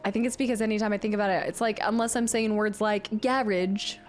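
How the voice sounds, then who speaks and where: A woman streamer giving live gameplay commentary, excitable and laughing often. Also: medium pitch, brisk, few pauses, soft background music. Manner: excitable, laughs often, breaks into play-voices.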